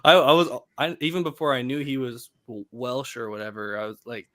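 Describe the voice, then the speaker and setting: A man's voice: medium pitch, steady tone, fairly quick, sharp tone. A man on a movie podcast chatting in a laid-back way, often laughing between his blunt remarks. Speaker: podcast panelist. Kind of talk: casual chat about a film.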